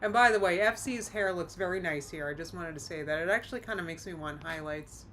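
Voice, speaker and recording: Animated woman reacting on a live stream. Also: lowish voice, fairly quick, a little hiss or hum. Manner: animated, exclaiming, reads chat aloud. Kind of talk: casual live-stream commentary.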